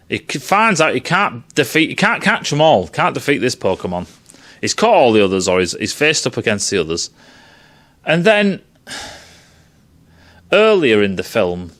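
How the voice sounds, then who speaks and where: A man's voice: medium pitch, fairly bright tone. A man giving a profane, sarcastic film review rant, swearing freely and sounding exasperated.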